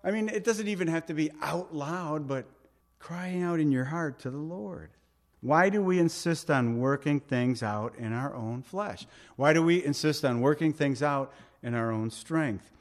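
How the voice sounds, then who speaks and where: Man, middle-aged, pastor, conversational sermon, pleading, rhetorical questions, slightly high-pitched. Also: unhurried. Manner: earnest, pleading, with light humor.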